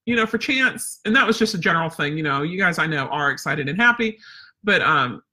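A woman's voice: low-pitched, animated, brisk, pushed and bright. A woman dog trainer teaching a casual live webinar, chatty and rambling with lots of fillers.

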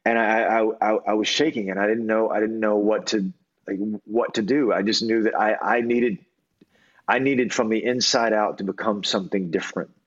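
Man, low voice, earnest, halting storytelling, dull lo-fi sound. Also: fairly even intonation. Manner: halting, many restarts and fillers, earnest. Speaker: guest. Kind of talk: personal storytelling in an interview.

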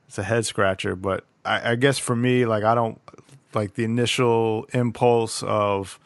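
A low-voiced man talks reflectively in a casual chat, restarting his sentences as he thinks aloud. The sound is dry and close. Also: steady tone, a little slow, dry recording. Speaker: podcast co-host, parent.

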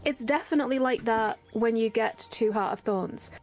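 A woman's voice: fairly high pitch, normal speed. A woman who is a podcast guest, chatting casually and making emphatic, nerdy points. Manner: emphatic, self-declared nerd. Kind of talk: casual chat.

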